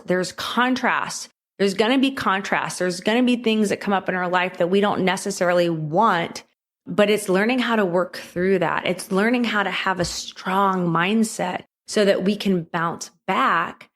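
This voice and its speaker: A woman's voice: fairly low pitch, a bit bright. A woman hosting her own podcast, talking alone in a chatty, conversational way and often checking in with the listener. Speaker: podcast host. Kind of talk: solo podcast monologue.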